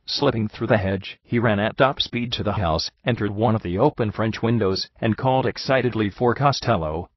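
Man narrating a story, husky voice, lo-fi dull sound. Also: fairly low pitch, normal speed, few pauses, no echo. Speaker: audiobook reader. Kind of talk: scripted narration. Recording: dull lo-fi dry recording.

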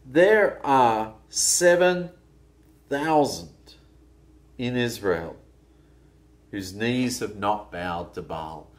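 A man preaching a sermon in a conversational, musing way, often restarting his phrases. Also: medium pitch. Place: church.

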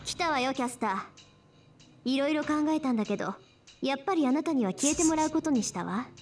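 Brief: cocky teenage mage girl, rapid sneering jabs for a game. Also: high-pitched, animated, faint music behind. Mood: taunting. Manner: taunting, rapid-fire insults. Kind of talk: dubbed visual novel voice acting.

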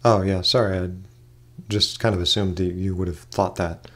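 A man's voice: low voice, fairly even intonation, normal speed, fairly bright tone. A man doing a breezy, evasive woman musician. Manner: breezy, evasive, calls people honey. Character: laid-back secretive woman ukulele player.

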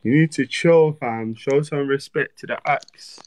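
A man's voice: medium pitch, a little slow. A man hosting a livestream, chatting casually in slang and bantering with viewers. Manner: laid-back, slang-heavy, banters with viewers. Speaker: livestream host.

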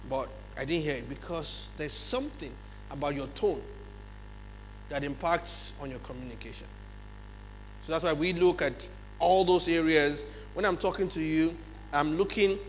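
A man with a Nigerian English accent giving a lively leadership seminar talk in a large church hall, often checking in with his audience. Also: on the high side. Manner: acts out examples in changed voices. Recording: long hall reverb, faint mains hum.

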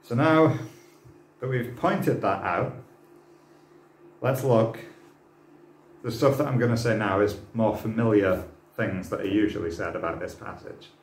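A man's voice: fairly low pitch, measured pace, long pauses, slight background noise. Impassioned male preacher in a roomy church. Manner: impassioned, dramatic, rhetorical questions. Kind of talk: sermon. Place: church hall.

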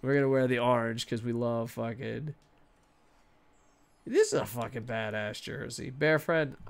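Male streamer, lively up-and-down delivery, profane, chatty play-by-play over a sports game. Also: mid-range voice, unhurried, vocal fry. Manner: excitable, swears a lot, talks to himself. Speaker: gaming streamer. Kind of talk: casual gameplay commentary.

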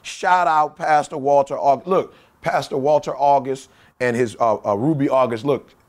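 A man co-hosting a podcast, excitable in casual chat with preacherly shout-outs. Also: mid-range voice, normal speed. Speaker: podcast co-host.

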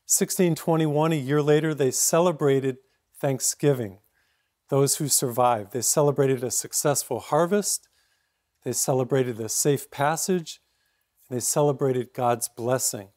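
A man in his sixties from Massachusetts, a priest giving a sermon in a steady, reflective storytelling way. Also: mid-range voice, unhurried.

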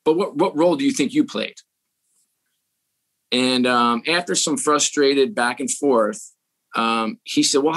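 A middle-aged man telling a story in a casual podcast interview, acting out the dialogue in it with lively voices. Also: mid-range voice, slightly rough. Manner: animated, acts out quoted dialogue. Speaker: sports executive, podcast guest.

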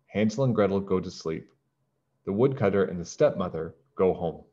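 A man, a teacher, reading a children's storybook aloud to his class in a slow, clear and expressive way, in a lo-fi recording. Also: sits low. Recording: dull lo-fi recording.

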